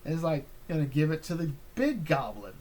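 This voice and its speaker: A man's voice: fairly high pitch, big pitch swings, brisk, a little mellow. Rambling man reviewing an episode. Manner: rambling, full of fillers and restarts. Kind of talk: casual review chat.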